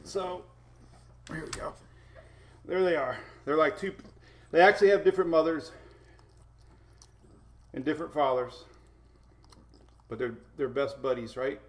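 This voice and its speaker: A man's voice: a little high, a little slow, pauses often. A man hosting a casual weather live stream from home, rambling as he reads out viewer names and talks to his puppies. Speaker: weather show host.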